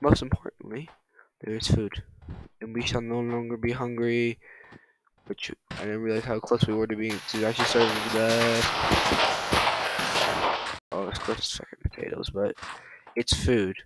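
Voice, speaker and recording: A man giving excitable let's-play commentary on a survival game, swearing often and talking to his chat. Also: medium pitch, normal speed, long pauses, a little hiss or hum. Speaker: gaming streamer. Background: background music.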